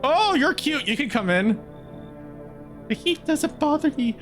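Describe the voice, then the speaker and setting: A timid young man with a much higher, softer voice, as a man reads him from a game. He sounds pleading and a little hesitant, and faint music sits behind him. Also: expressive, unhurried, full character voice. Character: timid, soft-spoken young man seeking shelter. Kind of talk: reading game dialogue aloud.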